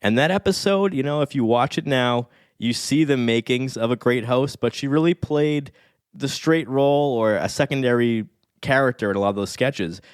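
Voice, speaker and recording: A man's voice: mid-range voice, normal speed, smooth, dry recording, clean studio sound. A man in his thirties, a guest on a podcast, talking casually and with enthusiasm about past comedy episodes. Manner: enthusiastic, reflective, rambling. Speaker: podcast guest, statistics expert.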